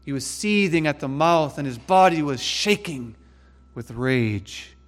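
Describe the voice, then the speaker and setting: Male preacher, slightly high voice, emphatic and dramatic sermon delivery. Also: lively intonation, in a large hall. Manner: emphatic, dramatic, swings between slow stresses and quick asides.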